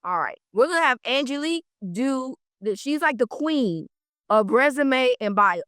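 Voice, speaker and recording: A woman, running a real estate training class in an energetic, direct way. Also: high-pitched, normal speed, no room sound, studio quality. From South Florida. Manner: energetic, talks straight to the class.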